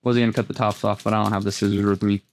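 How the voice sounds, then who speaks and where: A man hosting a card pack opening, talking casually as he flips through cards, often repeating words and jumping into excited highs. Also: very fast, a little hiss or hum. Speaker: host opening trading card packs. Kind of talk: casual unboxing commentary.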